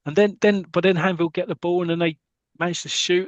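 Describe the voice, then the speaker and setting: A man co-hosting a podcast, casually retelling a football comic story and breaking into excited commentary. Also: high-pitched, fast talker, dry recording, muffled recording. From United Kingdom. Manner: animated, jumps into excited commentary voice. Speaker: podcast co-host.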